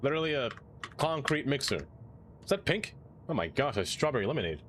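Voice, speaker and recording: A man streaming live, chatting casually and playfully as he plays and reacts out loud. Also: mid-range voice, very animated, brisk, a little hiss or hum. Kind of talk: casual live-stream chat while playing.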